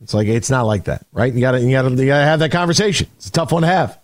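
A man's voice: medium pitch, racing, dry recording, studio quality. Chatty sports radio host, man. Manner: energetic, rambling, many restarts. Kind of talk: call-in sports talk.

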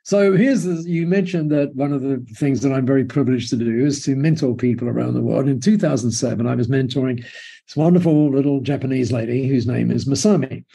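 An Australian man tells his story with enthusiasm, his voice gravelly and slightly husky. The tone is dark and mellow, and he speaks as a guest mentor in a conversational interview. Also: mid-range voice, a little fast.

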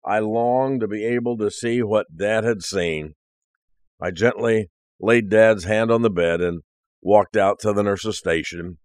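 A man's voice: on the low side, steady tone, measured pace, darkish tone, dry recording, studio quality. A male preacher earnestly reading a first-person story aloud as part of a sermon.

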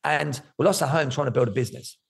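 Guy, middle-aged, rough gravelly breathy voice, swears a lot telling his story. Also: mid-range voice, quick pace. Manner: animated, swears freely. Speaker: guest. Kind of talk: candid storytelling interview.

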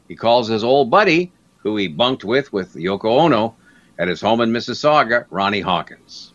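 An older Canadian man with a lowish voice, a guest broadcaster, recounts stories from his career in an interview at normal speed. He's an animated storyteller who acts out the people he quotes. The recording is dull and lo-fi.

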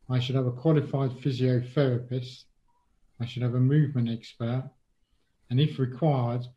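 A man's voice: medium pitch, dark tone. A man living with Parkinson's answering interview questions in a chatty way, with frequent ums and sort ofs. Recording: dull lo-fi sound.

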